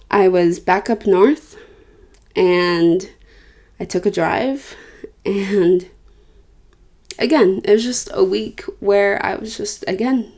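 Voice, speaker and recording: A woman's voice: mid-range voice, dark tone. A young adult woman from Northern California, hosting a podcast, earnest and emotional as she talks about her own life and acts out her prayers. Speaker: podcast host. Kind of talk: personal reflective monologue.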